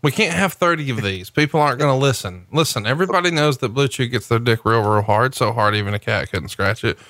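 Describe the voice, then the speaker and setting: A man's voice: mid-range voice, expressive, quick pace, a bit bright, dry recording. A man co-hosting a podcast in casual chat, joking, teasing and swearing freely. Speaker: podcast co-host.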